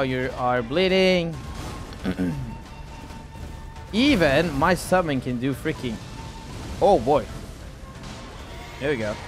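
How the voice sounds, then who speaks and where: A man giving live gameplay commentary as a gaming YouTuber, rambling and repeating words, with frequent exclamations. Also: medium pitch. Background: background music.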